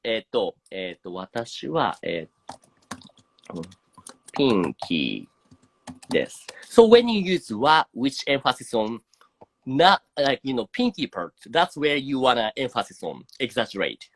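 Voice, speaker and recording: A man's voice: mid-range voice, big pitch swings, unhurried, breathy edge. A man with a Japanese accent teaching Japanese in a casual online lesson, explaining in English with many fillers. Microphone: phone livestream.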